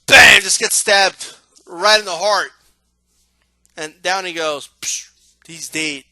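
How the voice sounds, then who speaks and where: A man giving a casual, animated monologue about how he watches boxing, often asking "right?". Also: high voice, slow, dry recording. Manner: animated, acts out yelling crowd members, repeats "right?". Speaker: boxing commentator.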